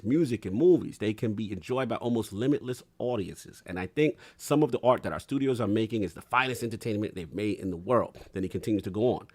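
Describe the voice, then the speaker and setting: A man's voice: lowish voice, darkish tone. A man in casual podcast discussion who laughs often and reads quotes aloud. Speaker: podcast co-host.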